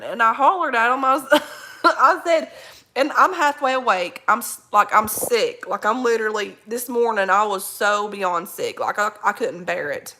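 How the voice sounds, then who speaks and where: Woman streamer, bright forceful voice, a bit high, folksy rambling chat. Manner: rambling, laughs often, folksy slang. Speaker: livestream host reading viewer comments. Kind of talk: casual live chat.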